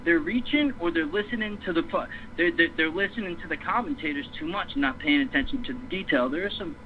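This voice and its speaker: A fired-up man on a talk show, cursing freely and circling back over the same points. His voice sits high for a man and comes through a dull, lo-fi stream with a faint hiss behind it. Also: fast. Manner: fired up, profane, repeats himself. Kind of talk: heated boxing rant.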